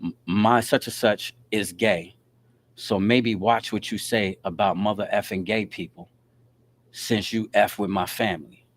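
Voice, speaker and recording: A man hosting his own podcast, telling a story in a casual, animated way and reading out text messages. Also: lowish voice, a little slow. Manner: animated, reads out text messages, frequent "you dig what I'm saying". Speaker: podcast host.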